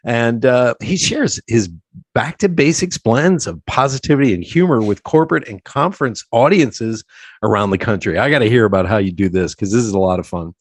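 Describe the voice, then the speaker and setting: A man from South Central Pennsylvania hosting a casual podcast interview, chatty and quick to laugh. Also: mid-range voice, animated, no echo. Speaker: podcast host.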